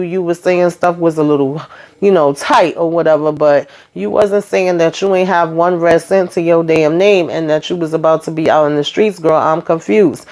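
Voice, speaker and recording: A woman's voice: sits low, steady tone, moderate pace, darkish tone. A woman hosting a casual show recap, chatty and full of asides, retelling scenes by quoting what people said.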